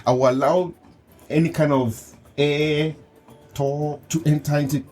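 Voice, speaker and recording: A man hosting a podcast, telling personal stories in an animated way, laughing often and acting out what people said to him. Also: fairly high pitch, unhurried, faint music behind. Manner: animated storyteller, laughs often, acts out quotes. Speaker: podcast host and coach. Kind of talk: casual conversational chat.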